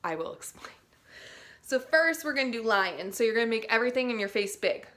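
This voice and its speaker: Speaking a little fast with lively intonation and a fairly high pitch, a young teaching artist warms up her young students both physically and vocally. She keeps it playful and demonstrates every sound personally.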